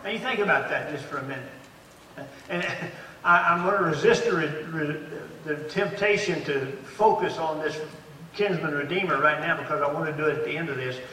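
Older preacher in an echoey hall. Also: male voice, fairly high pitch, moderate pace, pushed and bright, recorded from a distance, a little hiss or hum. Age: 80s. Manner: preaching with rising emphasis and frequent restarts. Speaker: pastor. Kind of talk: sermon.

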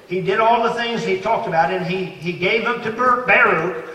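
A man's voice: high-pitched, moderate pace, bright, forceful tone. A man in his eighties preaching a sermon as a pastor, stressing points with rising emphasis and frequent restarts. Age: 80s. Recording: echoey hall, voice from far off.

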